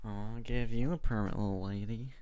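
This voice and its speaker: Smooth-voiced man telling a story. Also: fairly low pitch, moderate pace, no echo. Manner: animated storytelling, laughing, mimicking people. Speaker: podcast co-host. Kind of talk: casual chat.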